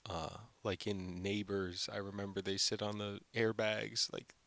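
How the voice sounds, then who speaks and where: A man's voice: on the low side, little pitch movement, measured pace, gravelly, a bit bright, dry recording. A young man hosting his own film channel, giving an unscripted, rambling review full of "like" and fillers. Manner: rambling, heavy use of "like" and fillers.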